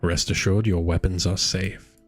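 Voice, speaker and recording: A man voices a sinister, scheming friar. He speaks slowly and smoothly in a low voice. Game music runs behind. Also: level tone.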